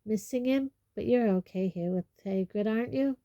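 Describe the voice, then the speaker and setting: A determined teenage boy wizard, read by a woman, talks in a firm, steady way. Her tone stays mellow and dark in a dry, close recording. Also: on the high side, normal speed, dry recording, muffled recording, natural voice. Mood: gentle.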